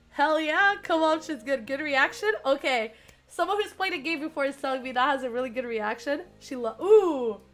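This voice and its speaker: Giggly high-voiced young woman streamer. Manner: giggly, excitable, chats with viewers. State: strained, cracking voice. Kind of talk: reading a dating game aloud on stream.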